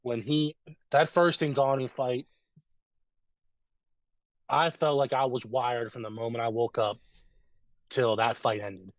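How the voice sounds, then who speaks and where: A man in casual podcast chat, excitable and animated as he recounts big fight nights. His voice sits in a middle register and sounds dry and close, with little room around it. He gets loud when he gets hyped. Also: medium pitch, slow, pauses often, no echo. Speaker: podcast co-host.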